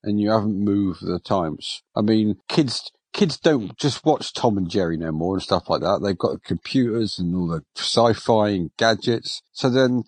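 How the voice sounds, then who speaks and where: A man's voice: fairly low pitch, lively intonation, normal speed, hardly any pauses, a little mellow, husky, no echo. A man co-hosting a casual film review podcast, chatty and defensive, with mild exclamations. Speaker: podcast co-host.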